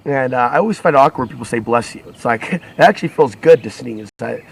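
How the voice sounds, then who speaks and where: A man's voice: mid-range voice, lively intonation, fast talker, vocal fry, breathy edge. Male channel host, solo talk, rambling delivery with frequent self-corrections. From United States. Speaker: alternative media channel host. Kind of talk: solo monologue to camera.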